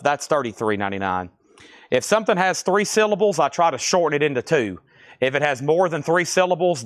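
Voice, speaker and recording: A fairly high-voiced man runs a live sales stream, rattling off items, prices and bids. He keeps it casual and pokes fun at himself. The sound is dry and close, with no room echo. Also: a bit bright. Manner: chatty, reads out items and bids, self-deprecating about pronunciation. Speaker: seller hosting a live record auction stream.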